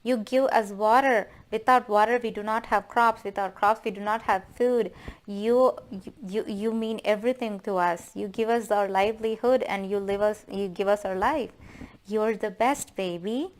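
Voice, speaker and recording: A woman voicing a kind old mother who praises softly and affectionately. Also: medium pitch, fairly even intonation, normal speed, close to an everyday voice. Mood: tender. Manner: soft, affectionate reassurance.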